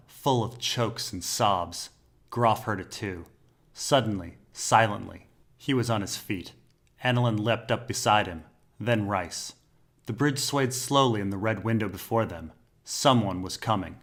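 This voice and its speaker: A man narrating a dark fantasy story in a slow, measured, dramatic way. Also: on the low side. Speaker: audiobook narrator.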